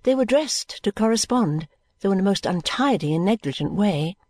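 A woman narrating an audiobook of a classic novel at a measured, even storytelling pace. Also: medium pitch, dry recording. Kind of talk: scripted narration.

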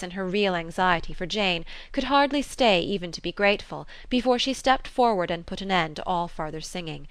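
Woman narrator, classic novel audiobook, measured, lowish voice, dry close sound. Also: clear, resonant tone, no echo. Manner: measured, even storytelling.

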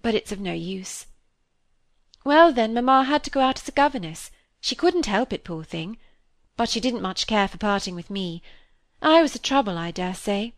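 A candid, restless young woman who mocks herself, as a woman reads her. She speaks in a lively, wry, confiding way from a classic novel. The recording is dry and close. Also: mid-range voice, moderate pace, no echo, lightly acted. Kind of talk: reading a classic novel aloud.

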